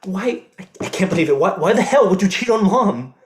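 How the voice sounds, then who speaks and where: A man's voice: high-pitched, expressive, fairly quick. A young actor playing an eighteen-year-old son who confronts his cheating father, swearing and slipping into Spanish words on a theatre stage. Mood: furious. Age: young adult. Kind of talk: live student stage drama.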